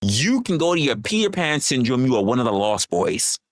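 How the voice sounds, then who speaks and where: Livestream host, heated profane rant, repetitive scolding, lively swooping pitch, dry sound. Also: moderate pace, no room sound.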